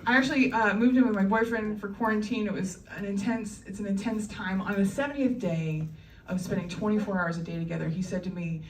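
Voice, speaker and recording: A woman's voice: mid-range voice, fairly quick, distant mic, slight background noise. A woman doing a stand-up comedy set on a club stage, chatty and wry, often laughing between lines. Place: comedy club stage before a live audience. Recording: roomy live club recording, crowd and ambience behind.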